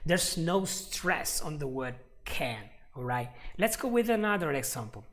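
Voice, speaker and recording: A man teaching a live online English lesson, chatty and laughing often, repeating example phrases slowly. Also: fairly high pitch, very animated, fairly bright tone.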